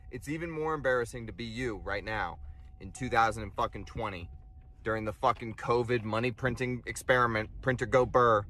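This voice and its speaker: A man delivering a profane, sarcastic comedic rant, swinging between loud outbursts and muttered asides. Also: mid-range voice, no echo.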